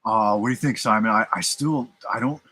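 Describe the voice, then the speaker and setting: A man with a bright, slightly husky voice hosts a livestream in casual chat. He jokes and swears freely, often stumbling over his words. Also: on the low side, fairly quick. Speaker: livestream host.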